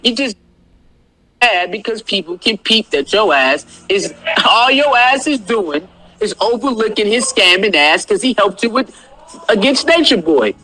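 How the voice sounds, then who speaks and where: Brief: mid-pitched, bright-toned ranter, confrontational and repetitive. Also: expressive, unhurried. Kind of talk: ranting commentary from a played video.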